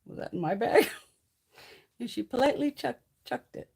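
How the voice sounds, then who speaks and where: A woman hosting a beauty livestream, chatting casually in a blunt, profane, animated way and laughing often. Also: a little high, normal speed, gravelly, breathy edge.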